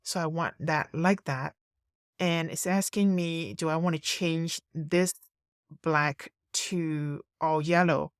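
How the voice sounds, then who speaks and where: A woman narrating a screen-recorded design tutorial, thinking aloud in a relaxed way as she works. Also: low-pitched, slow, clean tone, dry recording, clean studio sound.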